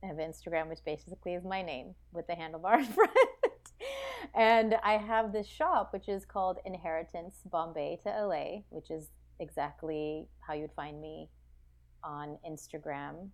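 American woman guesting on a podcast, animated and rambly, lots of likes. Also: on the low side, moderate pace. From United States. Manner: animated, reflective, full of "like" and restarts. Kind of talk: casual interview chat.

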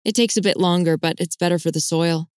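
A woman's voice: on the low side, fairly even intonation, fairly quick, no room sound, studio quality, close to an everyday voice. A woman voicing a modest young woman who speaks hesitantly, eager not to seem a know-it-all.

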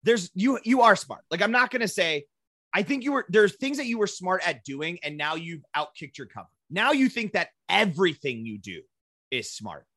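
A man co-hosting a podcast in casual, rambling chat, animated and swearing freely. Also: high voice, moderate pace, dry recording, clean studio sound. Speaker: podcast co-host.

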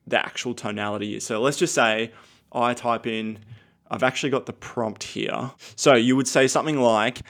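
A man's voice: medium pitch, a bit bright. A man explaining things on a podcast in a rambling, casual way, acting out the prompts he types. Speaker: guest copywriter.

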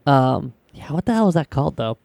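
A man hosting a podcast in relaxed casual chat, laughing easily and rambling with fillers. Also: mid-range voice, a little fast, vocal fry, no echo. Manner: laid-back, laughs, many "like" fillers. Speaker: podcast host.

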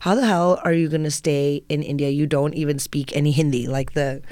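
A woman comedian telling stories in a casual chat, slipping into animated quoted voices. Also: deep voice, a little fast, no room sound, studio quality. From United States. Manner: animated, breaks into acted Italian and quoted voices. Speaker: comedian guest.

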